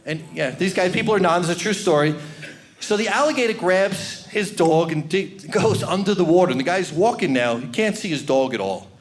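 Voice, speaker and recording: A male comedian works a stage through a handheld mic. His voice sits high and swings widely, and he talks in an animated way, shouting some lines for effect. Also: brisk. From New York. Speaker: stand-up comedian. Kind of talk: stand-up comedy routine.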